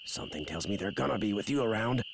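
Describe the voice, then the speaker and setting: A man's voice: on the low side, lively intonation, quick pace, vocal fry. An actor playing a curt, sardonic male birdwatcher who dislikes tourists, in a video game. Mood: dry, grumpy. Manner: dry, sardonic, clipped. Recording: game audio with night insect noise. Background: crickets and insects.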